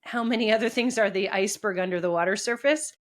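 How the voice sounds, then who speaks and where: A woman's voice: medium pitch, fast talker. A woman in her thirties co-hosting a podcast, chatting casually and animatedly, laughing as she tells stories. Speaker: podcast co-host. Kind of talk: casual chat.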